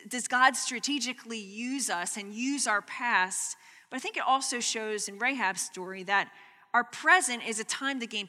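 A woman preaching a sermon, telling family stories in an animated way and acting out what people said. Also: on the high side. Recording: long hall reverb.

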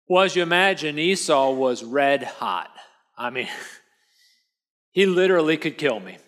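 A man's voice: on the high side, lively intonation, measured pace, pauses often, a bit bright. A man delivering a first-person dramatic monologue in a casual storytelling manner, full of tag questions and restarts.

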